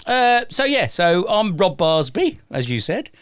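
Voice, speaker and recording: Easygoing pilot guest. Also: male voice, high-pitched, sing-song, a little slow, a bit bright, clear, resonant tone, no echo. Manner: easygoing, laughs along, says "mate" a lot. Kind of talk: casual chat.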